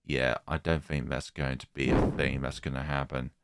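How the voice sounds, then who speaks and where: A man's voice: extremely low pitch, little pitch movement, moderate pace, heavy background noise. A man giving casual let's-play commentary with wry, sarcastic asides. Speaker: gaming YouTuber.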